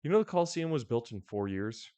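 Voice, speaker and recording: A man's voice: medium pitch, lively intonation, fast, warm tone, smooth, no echo. A young man co-hosting a podcast, joking around and tossing out trivia in casual chat. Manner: playful, jokey, tosses out trivia. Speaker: podcast co-host.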